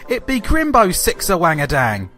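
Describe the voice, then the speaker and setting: A man voicing a foul-mouthed elderly queen who yells crude gibberish in a shrill falsetto, over background music. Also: huge pitch swings, normal speed, full character voice. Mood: shrieking. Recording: music playing underneath.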